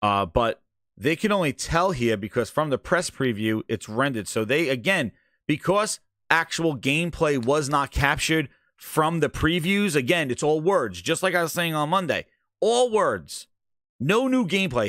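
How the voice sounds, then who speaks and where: A man's voice: a little high, animated, moderate pace, fairly bright tone, no room sound, clean studio sound. A man hosting a gaming channel, ranting in exasperated, sarcastic commentary over a video clip.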